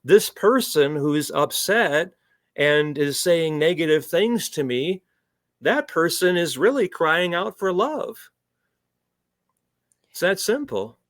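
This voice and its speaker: A man's voice: fairly high pitch, sing-song, takes it slowly, no room sound, studio quality. A man talking as a spiritual coach in an interview, earnest and reflective, often restarting his sentences. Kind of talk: conversational podcast interview.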